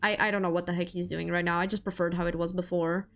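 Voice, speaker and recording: A woman VTuber streamer chatting casually about games and comics, rambling and animated, with lots of fillers and laughter. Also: lowish voice, quick pace, faint music behind. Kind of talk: casual chat.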